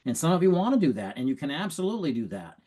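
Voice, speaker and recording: On a video call, a man delivers a sales training talk that's energetic and conversational, in a voice on the high side at a racing pace. He frequently restarts his sentences.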